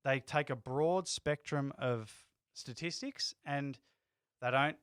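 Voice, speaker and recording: A man's voice: medium pitch, slow, fairly bright tone, smooth, no echo, clean studio sound. A man co-hosting a casual livestream chat, arguing his points emphatically. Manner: emphatic, argumentative. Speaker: livestream co-host.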